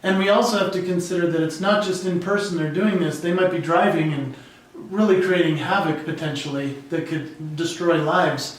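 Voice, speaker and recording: High-voiced man telling a story in an echoey room. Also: normal speed, distant mic. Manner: lively and expressive, acting out the people in his stories. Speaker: guest, keynote speaker and comedian. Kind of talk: animated storytelling in a podcast interview. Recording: echoey room, voice away from the mic.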